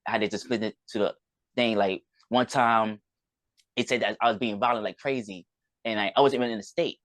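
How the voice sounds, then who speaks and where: Speaking fairly quickly in a fairly low, slightly bright voice, this podcast guest keeps his intonation fairly even. He rambles through a personal story, recounting events and voicing other people's lines. The recording has no room sound.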